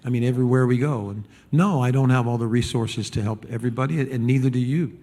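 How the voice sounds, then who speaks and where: Guy pastor giving a sunday sermon, chatty and animated, lots of restarts, middle-pitched voice. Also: fast. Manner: animated, acts out the people he quotes; conversational with restarts and repeated words.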